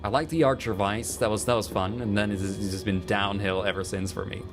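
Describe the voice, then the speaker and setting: A man's voice: fairly low pitch, fairly even intonation, brisk, over music. A man streaming a game live, making sarcastic, chatty asides. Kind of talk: live gameplay commentary.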